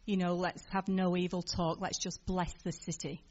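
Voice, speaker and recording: A woman reading a short scripture and giving a gentle, informal blessing to a church gathering. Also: lowish voice, level tone, moderate pace, dull audio. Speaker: congregation member giving a blessing. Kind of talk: reading scripture and brief exhortation.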